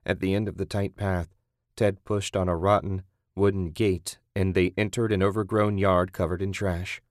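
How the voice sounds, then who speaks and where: A man reading a horror story aloud in a steady, measured narration. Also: low voice, no echo, studio quality. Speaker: audiobook narrator.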